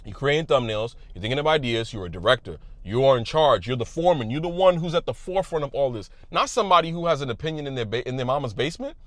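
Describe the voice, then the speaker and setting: A man giving a passionate motivational talk to his viewers, loud and emphatic, repeating phrases for weight. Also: mid-range voice, lively intonation, fast talker, few pauses, no room sound. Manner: loud at times. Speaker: YouTube creator.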